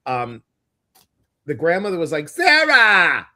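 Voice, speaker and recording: Man, live-stream co-host, chatty and animated, mid-pitched voice. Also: normal speed. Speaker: co-host of a live intuitive show. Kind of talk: casual live-stream chat.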